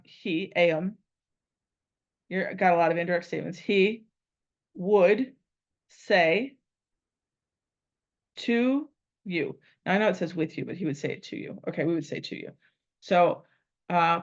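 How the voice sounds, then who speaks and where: A woman teaching a Latin translation lesson, thinking aloud and repeating phrases as she works out each line. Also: fairly low pitch. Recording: dull lo-fi recording.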